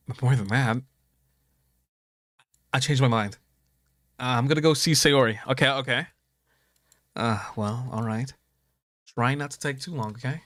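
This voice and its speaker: Excitable, cursing male game streamer. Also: mid-range voice, no room sound, clean studio sound. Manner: excitable, profane outbursts between readings. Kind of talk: game playthrough, reading dialogue aloud.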